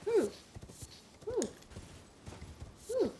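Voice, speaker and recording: A woman's voice: mid-range voice, lively intonation, a little slow, a bit bright, slight background noise. A woman streaming a video game, chatting casually with her viewers, joking and reacting aloud.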